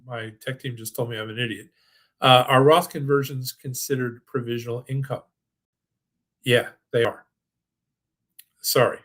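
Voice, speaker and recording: A man's voice: fairly even intonation, moderate pace, long pauses, fairly bright tone. Older guy hosting a money webinar, salesy and eager, lots of false starts, answering viewer questions. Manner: enthusiastic salesy pitch with many restarts. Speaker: financial advisor hosting a webinar. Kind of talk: presentation and live Q&A.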